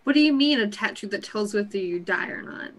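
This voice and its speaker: A woman's voice: medium pitch, lively intonation, fairly quick. A woman playing a tabletop game, chatting casually and laughing often. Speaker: player.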